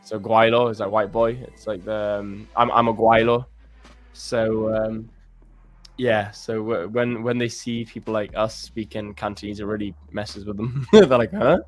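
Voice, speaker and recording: A man's voice: fairly low pitch, level tone, unhurried. Chatty young British man, laughing often. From Britain. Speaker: co-host of a live trading stream. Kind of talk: casual chat.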